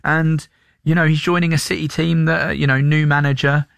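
Chatty, fast-talking male radio co-host. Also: on the high side, vocal fry, clear, resonant tone, no room sound. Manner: animated, chatty storyteller. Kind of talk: sports radio chat. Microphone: studio microphone.

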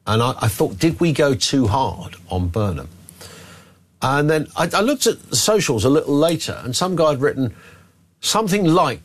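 A man's voice: normal speed, breathy edge. A man with a British accent hosting a radio phone-in, giving blunt opinions in casual chat. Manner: blunt, conversational, lively pitch swings. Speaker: radio talk show host.

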